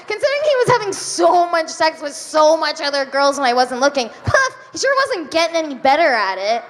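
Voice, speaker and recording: High-voiced giggly woman doing stand-up. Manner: giggly, self-deprecating, drawn-out deadpan asides. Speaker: stand-up comedian. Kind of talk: stand-up comedy set. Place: comedy club stage before a live audience. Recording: live club recording with reverb, faint room noise.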